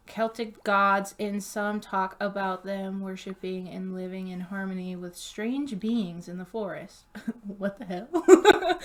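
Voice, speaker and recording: A woman streaming a game, reading its text aloud and chatting casually, laughing often and tripping over unfamiliar names. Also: mid-range voice. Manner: giggly, reads slowly and stumbles on names.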